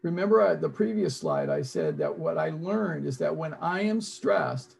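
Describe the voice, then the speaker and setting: A man's voice: on the high side, sing-song, normal speed, vocal fry, hardly any pauses, darkish tone, slightly rough. A man presenting an interactive online seminar over a video call, coaching his audience and repeating his prompts.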